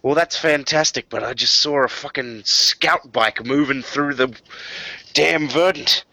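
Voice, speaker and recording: A man's voice: mid-range voice, measured pace, vocal fry, pushed and bright, no room sound, exaggerated voice. A man doing a swearing, agitated defender. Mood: aggravated. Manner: blunt, swearing, worried. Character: agitated male settlement defender.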